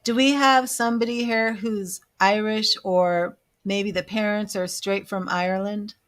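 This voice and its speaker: A woman hosting a live psychic reading stream speaks in a chatty, self-amused way, calling out names to her viewers. Her pitch sits in an ordinary middle range, and she slips into quiet murmured asides between questions. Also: fairly even intonation, a little slow. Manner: chatty, laughs at herself, drifts into soft murmured asides. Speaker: psychic medium reader.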